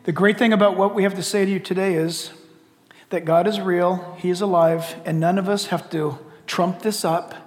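A man's voice: high voice, fairly even intonation, moderate pace, darkish tone. A man preaching a sermon and giving an altar call, speaking with blunt, earnest and repetitive pleading. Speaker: pastor. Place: church sanctuary. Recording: long reverb of a large hall.

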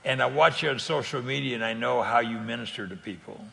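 A man's voice: mid-range voice, quick pace, vocal fry, sharp tone, in a large hall. An older man from California telling faith stories in an earnest, conversational way, often repeating words and laughing easily. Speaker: guest speaker on faith sharing. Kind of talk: conversational testimony.

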